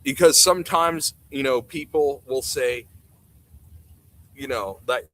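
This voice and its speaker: A man's voice: medium pitch, slow, low-quality recording. A man ranting bluntly and sarcastically during casual livestream commentary. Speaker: streamer.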